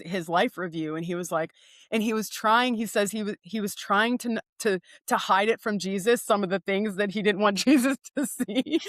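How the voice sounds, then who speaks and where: A woman's voice: medium pitch, no echo, clean studio sound. A woman guest on a podcast, telling stories earnestly in conversation with frequent restarts. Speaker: guest speaker.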